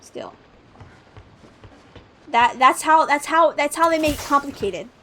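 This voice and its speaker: A woman's voice: high voice, lively intonation, measured pace, pushed and bright, a little hiss or hum. A young woman casually chatting and joking while playing a game on a live stream. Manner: chatty, playful, giggly asides.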